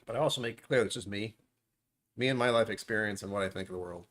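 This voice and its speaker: A man's voice: lowish voice, quick pace, fairly bright tone. A man hosting a casual livestream from home, rambling and sarcastic with self-deprecating asides. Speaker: livestream host. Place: at home, dishwasher running nearby.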